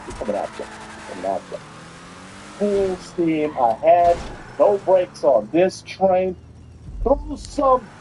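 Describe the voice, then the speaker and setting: A man's voice: high-pitched, darkish tone, slight background noise, rough recording. A man hosting a podcast, delivering an angry, profane, mocking political rant. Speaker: podcast host.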